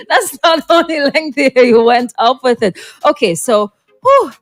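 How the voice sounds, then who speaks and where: A woman hosting a morning radio talk show, brisk and upbeat, quick to laugh. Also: high-pitched, animated, no room sound. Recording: dry studio, faint music behind.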